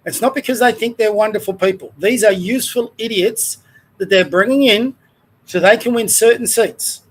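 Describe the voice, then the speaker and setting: An Australian man hosting his own show, ranting in a heated, rambling way and trailing off mid-sentence. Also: sits high. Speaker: show host. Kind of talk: ranting commentary.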